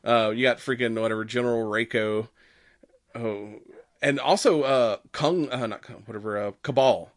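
A man co-hosting a casual podcast chat, his voice at a middle pitch for a man. He laughs a lot while he talks and keeps breaking into quick, animated impressions of movie characters. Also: dry recording, clean studio sound. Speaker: podcast co-host.

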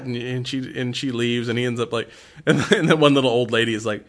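Bright-voiced man, laughing film chat. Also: medium pitch, fairly even intonation, fast talker. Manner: laughing often, retelling scenes with voices. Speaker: movie podcast co-host. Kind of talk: casual chat.

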